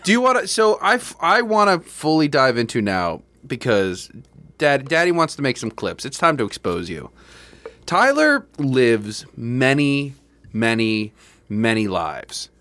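A man's voice: mid-range voice, very animated, a little slow, a bit bright, no echo. A man co-hosting a comedy podcast, joking around and laughing often. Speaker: podcast co-host. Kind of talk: casual comedic podcast chat.

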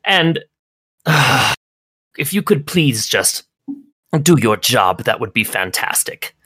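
A man's voice: mid-range voice, sing-song, slow pace, bright, forceful tone, slightly rough, dry recording, studio quality, heavily acted. A man voicing a fussy older woman alchemist with thirty cats, in a prim, haughty, scolding manner.

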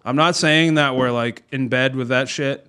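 A man at a medium pitch, co-hosting a podcast in a relaxed, casual chat. He swears freely, and his sentences drift and trail off. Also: normal speed, clear, resonant tone. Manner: laid-back, swears often, trails off. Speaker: podcast co-host.

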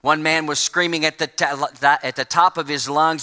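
A man's voice: a little high, fairly even intonation, normal speed, hardly any pauses, bright, forceful tone. A male pastor preaching a sermon, telling a folksy story to his congregation. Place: church sanctuary. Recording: long church reverb.

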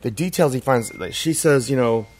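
A man's voice: medium pitch, moderate pace, darkish tone. A man in casual podcast chat, talking in a reflective, rambling way with many "like" and "you know" fillers. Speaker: podcast co-host.

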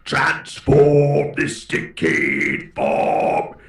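A man voicing an ancient undead mummy sorcerer with a slow, gravelly, theatrical villain delivery. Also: medium pitch, big pitch swings, heavily acted. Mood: menacing. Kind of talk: cartoon villain impression. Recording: roomy sound from a distant mic.

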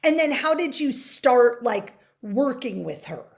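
A woman hosting a podcast, encouraging her guest with short, warm-hearted responses and follow-up questions. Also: a little high, sing-song, a little slow, gravelly. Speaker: podcast host and interviewer. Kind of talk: casual interview chat.

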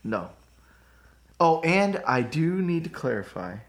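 A man co-hosting a church podcast, chatting casually and telling animated stories. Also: on the high side, slow. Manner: animated storyteller. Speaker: podcast co-host. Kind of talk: casual chat.

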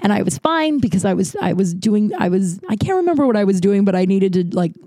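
A young woman hosts her podcast in a loose, rambling storytelling flow, packed with "like" and "you know" and lively asides. Her voice is dark and mellow, recorded dry and close with no room sound. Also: medium pitch, quick pace, dry recording. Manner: rambling, filler-heavy, animated retelling. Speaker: podcast host. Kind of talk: casual storytelling monologue.

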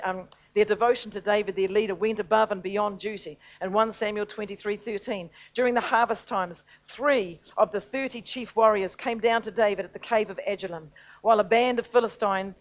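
Woman, preacher, sermon, mid pitch, loud-to-hushed delivery, slightly muffled recording. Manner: swings between loud urgent stress and hushed near-whispers.

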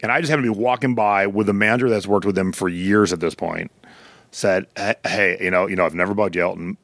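Lower-voiced man telling record store stories. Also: fast, no echo. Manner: storytelling, animated quoted voices. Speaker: podcast co-host. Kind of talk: casual chat.

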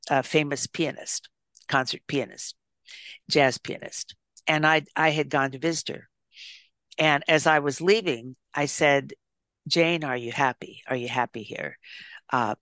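An older woman, an author and psychologist, speaking as a guest in an interview, reflecting and telling stories with gentle restarts. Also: very deep voice, dry recording, studio quality. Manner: thoughtful storyteller with gentle restarts.

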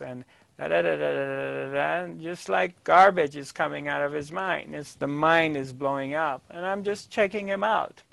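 A man gives a spiritual talk as a calm, unhurried personal story, pausing often and filling gaps with small hesitations. His voice sits a little high and has a gravelly fry running through it. The recording is dry and close, with no room sound. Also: no room sound. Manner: calm, halting, with many fillers. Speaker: spiritual teacher.

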